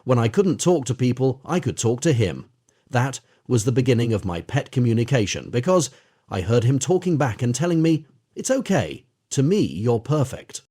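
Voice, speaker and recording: A man's voice: mid-range voice, sing-song, normal speed, husky. A man reading as a tender woman fondly recalling her pets. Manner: soft, fond, emotional.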